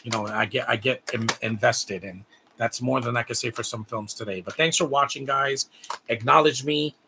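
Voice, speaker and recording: A man's voice: mid-range voice, normal speed, background noise. A man giving rambling, heartfelt live commentary on a movie, repeating words as he talks. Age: adult.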